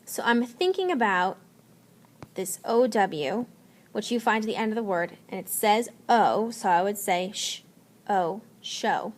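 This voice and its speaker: A woman teacher giving a spelling lesson, slowly and patiently sounding out letters and words. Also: mid-range voice, lively intonation.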